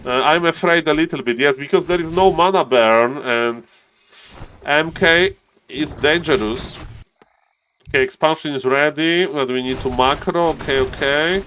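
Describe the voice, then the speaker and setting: Male esports caster, somewhat higher voice, loose chatty delivery, calls out viewers by name, faint room hum. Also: normal speed, a bit bright. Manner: chatty, addresses viewers and players directly. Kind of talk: casual live game commentary.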